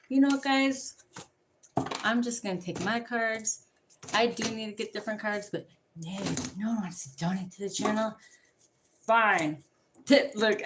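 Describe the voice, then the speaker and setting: Woman, tarot reader, rambling chatter, swears a lot, middle pitch, faint background noise. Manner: rambling, profane, jumps between topics. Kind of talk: rambling casual livestream chat.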